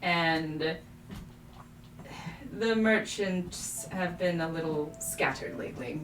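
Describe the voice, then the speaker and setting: A woman plays an aloof male wizard scholar with a lowish, measured, dismissive voice. The voice is set back from the mic in an echoey room. Music plays behind it. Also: recorded from a distance.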